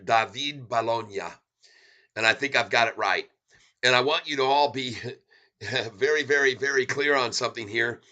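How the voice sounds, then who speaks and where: An excitable man hosts a stock market livestream. His voice is bright and forceful, and he rambles in a loose, casual way while chuckling and talking straight to his viewers. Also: medium pitch, fairly quick.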